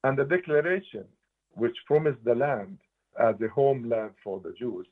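A man's voice: mid-range voice, animated, moderate pace. A man in his eighties from Palestine, giving earnest, emphatic interview answers and repeating words for stress. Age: 80s. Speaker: interviewed writer and political analyst. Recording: tinny phone-line audio.

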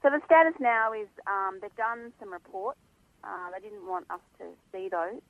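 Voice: medium pitch, moderate pace, creaky, dry recording. A guest, speaking passionately and emphatically about animal welfare in a phone interview. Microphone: telephone. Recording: tinny phone line.

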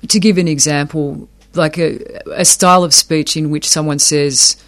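Thoughtful higher-voiced man explaining ideas. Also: fairly even intonation, normal speed, a bit bright. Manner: thoughtful, repeats words while working out a point. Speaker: academic interviewee. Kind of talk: explanatory interview talk.

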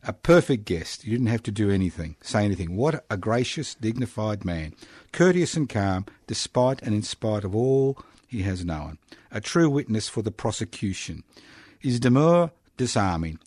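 A man's voice: fairly low pitch, big pitch swings, moderate pace, darkish tone, slightly rough, no room sound. A man in his sixties with an Australian accent, hosting a casual community radio chat in a studio, teasing and jokey. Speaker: radio host.

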